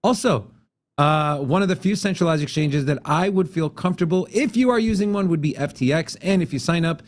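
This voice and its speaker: A man's voice: fairly high pitch, fairly quick. A man hosting a casual talk show, rambling through a sign-off with plenty of fillers. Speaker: show host. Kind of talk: casual podcast chat.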